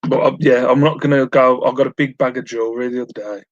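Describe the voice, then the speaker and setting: The speaker talks fast in a steady, mid-range male voice, and the recording has no room sound but its highs are cut off. He's a man live streaming from home, chatting and rambling as he reads out viewer messages with humour aimed at himself.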